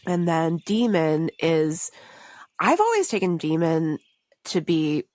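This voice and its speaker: A woman co-hosting a podcast chats casually about movies in a low, darkish voice, speaking slowly with big swings in pitch and no room sound. She's thoughtful, working through ideas with plenty of fillers like "like" and "um".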